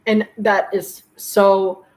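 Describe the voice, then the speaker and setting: A middle-aged woman hosting her homestead channel, talking to her viewers in a heartfelt, rambling way with filler pauses and tearful moments. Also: medium pitch, level tone, darkish tone, rough recording. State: tearful at times. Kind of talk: emotional personal talk to viewers.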